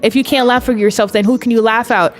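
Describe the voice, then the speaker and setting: A woman's voice: on the high side, steady tone, fast. A woman giving casual, amused commentary on her life-sim game, narrating what her characters do. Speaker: gameplay video creator.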